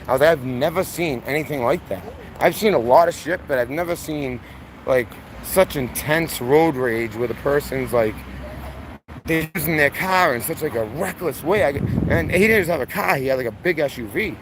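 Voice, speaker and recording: A young man rants outdoors, swearing freely and circling back as his voice climbs with anger. His voice sits at an ordinary male pitch. Clear traffic and street noise runs behind him. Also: expressive, moderate pace. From Massachusetts, USA. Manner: heated, profane, rambling, voice rising when worked up. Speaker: vlogger. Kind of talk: angry storytelling rant. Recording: noisy outdoor street recording.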